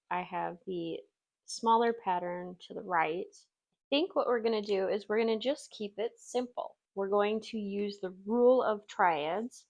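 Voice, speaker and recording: A woman's voice: medium pitch, highs cut off. A woman from Wisconsin hosting a casual crafting tutorial, chatty and self-deprecating, laughing easily as she works. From Wisconsin, USA. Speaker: craft channel host.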